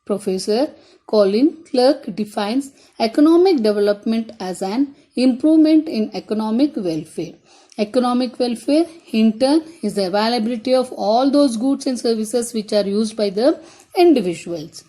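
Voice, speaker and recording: A woman's voice: on the high side, expressive, normal speed, mellow. A woman teacher, whose first language is Tamil, giving a classroom lecture. She repeats her key points and speaks straight to her students.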